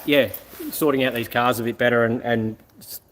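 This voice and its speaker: A man's voice: mid-range voice, fairly even intonation, moderate pace, a bit bright, slight background noise. Blunt rambling Australian man. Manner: blunt, rambling, swears freely. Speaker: vlogger and car yard owner. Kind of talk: casual rambling chat to viewers.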